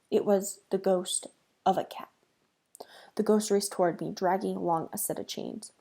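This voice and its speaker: A woman reads a children's book aloud, expressive, with dramatic pauses. Her voice is gravelly and husky, at a middle pitch. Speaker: reader.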